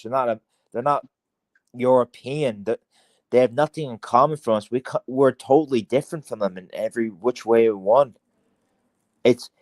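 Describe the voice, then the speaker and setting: An Irish man talking as a podcast guest in casual chat, rambling with heavy swearing, halting restarts and fillers. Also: mid-range voice, no room sound.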